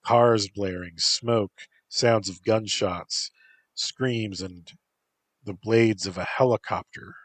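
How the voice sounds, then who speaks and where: Male narrator, low voice, very slow pace, deadpan story reading, dry close sound. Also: dry recording. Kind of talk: first-person story reading.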